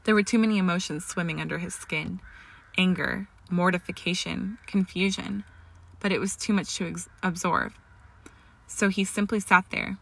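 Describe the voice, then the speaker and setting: Woman narrator, low gravelly voice, steady storybook reading. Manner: reads dialogue with raised emotion, small slips and restarts. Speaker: fan fiction reader. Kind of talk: audiobook-style story narration.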